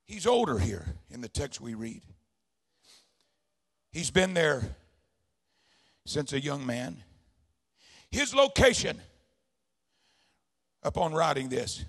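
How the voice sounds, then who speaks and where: A man preaching a sermon, swinging between hushed, low storytelling and shouted, fervent declarations. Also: gravelly, husky.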